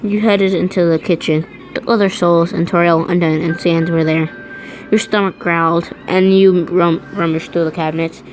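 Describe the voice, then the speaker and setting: A woman's voice: on the low side, steady tone, moderate pace, slight background noise, rough recording. A woman reading fan fiction aloud, often stumbling over words and restarting lines. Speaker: reader.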